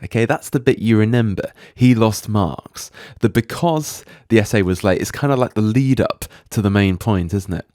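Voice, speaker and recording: A man with a fairly low voice gives a recorded lecture over slides, taking his time and reading each example sentence out slowly and with care. The sound is dry and close, with no room around it. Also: animated, warm tone, no echo. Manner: patient, explains slowly, reads examples aloud deliberately. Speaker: teacher.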